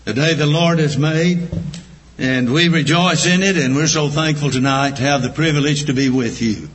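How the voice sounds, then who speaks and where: A man preaching a sermon, telling homespun stories and repeating his points slowly for emphasis. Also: a little high. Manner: folksy, homespun storytelling with slow emphatic repetition. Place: church. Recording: echoey church room.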